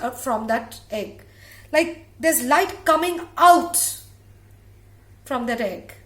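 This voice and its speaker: Woman telling a myth slowly, dramatic repeats. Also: a little high, fairly bright tone. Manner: dramatic, repeats phrases for effect. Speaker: storyteller. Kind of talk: oral storytelling of a myth. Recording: echoey room.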